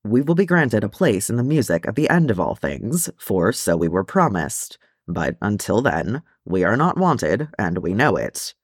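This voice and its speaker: A man reading the part of a proud, weary male dwarf in a solemn, measured way. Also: lowish voice, sing-song, husky, no room sound, studio quality.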